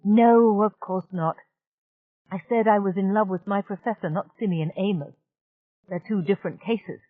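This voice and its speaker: A blunt, irritable young woman from a storybook, pitched up and quick to complain, as a woman reader puts her on. She sounds tinny and narrow, as if over a phone line. The recording is dry and close. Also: no room sound, natural voice. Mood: wry. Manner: frank and irritable. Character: blunt, exasperated young woman station partner.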